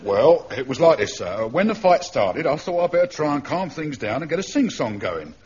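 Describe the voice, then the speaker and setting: Glib spiv, slightly high, dull archive sound. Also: male voice, big pitch swings, normal speed, a little mellow. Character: smooth-talking wartime spiv. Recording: dull archive radio recording with audience laughter.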